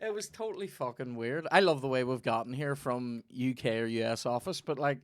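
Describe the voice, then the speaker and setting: Young Northern Irish podcast host, mid-pitched, animated sweary anecdotes, dry close mic. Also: male voice, fairly quick, no echo. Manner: swears a lot, tells animated stories. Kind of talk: casual chat.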